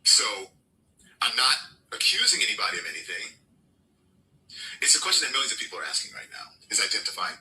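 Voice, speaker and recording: A man's voice: on the low side, big pitch swings, fast, long pauses, bright, forceful tone, far from the mic, rough recording. A man commenting on a news clip, posing pointed questions.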